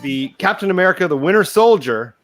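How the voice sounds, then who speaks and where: A man leading a bracket vote on a casual podcast, his pitch swinging in a lively way. He hesitates a lot and fills the gaps with uhs. Faint music plays underneath. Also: brisk. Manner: hesitant, lots of uhs, laughs easily. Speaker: podcast host running the bracket. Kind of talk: casual chat.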